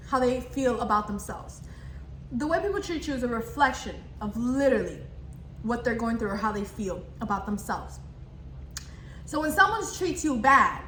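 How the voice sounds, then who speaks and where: Bright-voiced young woman, chatty and animated. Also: fairly high pitch. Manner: animated, talks while chewing, acts out the customer exchange. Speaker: vlogger. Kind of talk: casual storytime while eating. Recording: echoey room, faint background noise.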